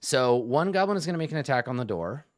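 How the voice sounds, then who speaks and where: A man running a tabletop game online, narrating monster turns in an easygoing, chuckling way with lots of fillers. His voice sits at an ordinary middle pitch and the close mic is dry, with no room sound. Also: fast, dry recording. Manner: relaxed, laughing, many fillers. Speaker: game master.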